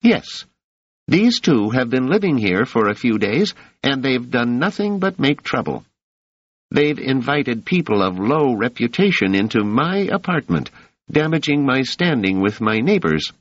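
A man voicing a shrill, indignant middle-aged landlady who accuses her lodgers, in a slightly muffled recording. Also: big pitch swings, unhurried, no echo. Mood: shrill, accusing.

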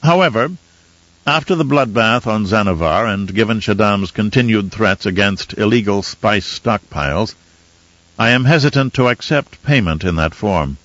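A cool, unyielding envoy, voiced by a man in an audiobook. He speaks firmly and in measured tones with a low voice. The recording sounds dry and a little dull. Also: lively intonation, fairly bright tone, dry recording. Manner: firm and measured. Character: cool, calculating male envoy, firm and unyielding.

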